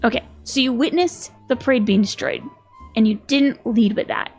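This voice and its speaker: Giggly woman streamer, high and gravelly. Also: normal speed, darkish tone, faint music behind. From Minnesota. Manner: playful, giggly, reads game dialogue aloud. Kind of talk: casual let's-play commentary.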